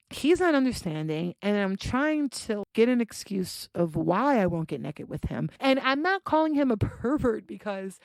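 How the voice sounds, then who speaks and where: A woman's voice: creaky, no echo. A young adult woman hosting a podcast, telling a dating story in a casual, profane way and acting out the quotes. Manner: animated, profane, acts out quotes with big pitch jumps. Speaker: podcast host.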